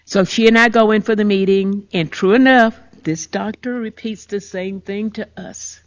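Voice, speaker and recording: An older woman tells her own story with strong emotion and emphasis. Her voice sits at a middle pitch. The recording is muffled and low-fi. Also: moderate pace, hardly any pauses. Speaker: podcast host. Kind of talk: personal storytelling.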